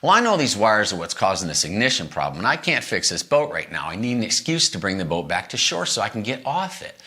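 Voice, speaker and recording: Animated storytelling man, bright voice. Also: fast talker. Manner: animated, acts out quoted lines with big pitch jumps. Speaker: podcast host telling a road story. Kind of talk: casual storytelling.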